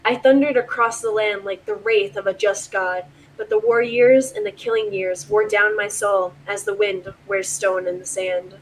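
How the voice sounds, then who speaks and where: A woman voicing a traveling man who reads a dark old journal aloud in a measured, solemn way, without putting on an accent. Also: sits high, steady tone, a little hiss or hum, close to an everyday voice, rough recording.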